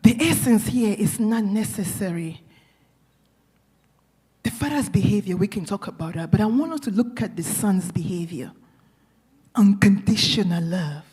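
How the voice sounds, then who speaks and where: A woman's voice: mid-range voice, lively intonation, normal speed, pauses often, warm tone, breathy edge. A middle-aged woman pastor preaching an earnest sermon, telling a story and speaking directly to her congregation.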